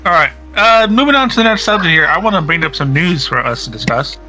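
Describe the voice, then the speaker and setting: Podcast host, man, very bright tone, upbeat, faint music under him. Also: on the high side, animated, quick pace, low-quality recording. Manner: upbeat, steering the show. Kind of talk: casual gaming podcast chat.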